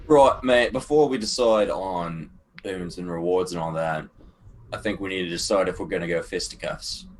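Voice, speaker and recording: A man with a very deep voice speaks up briskly during a tabletop game. Faint hiss hangs behind him.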